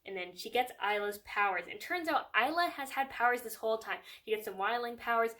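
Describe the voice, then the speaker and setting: A woman's voice: on the high side, lively intonation, fairly quick, a bit bright. A young woman reviewing a book in a casual, sarcastic chat, with lots of "like" and frequent laughter. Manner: chatty and sarcastic, fills with "like", laughs often.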